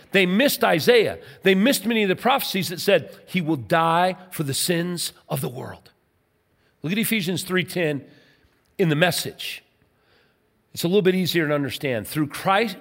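A pastor with a high voice preaches emphatically, posing rhetorical questions and letting his voice fall soft at the ends of phrases. The recording has a long hall reverb.

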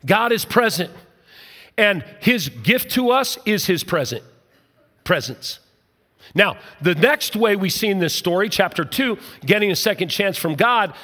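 A middle-aged male pastor preaching a sermon, jokey and conversational, dropping now and then to a soft, low voice. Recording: long hall reverb.

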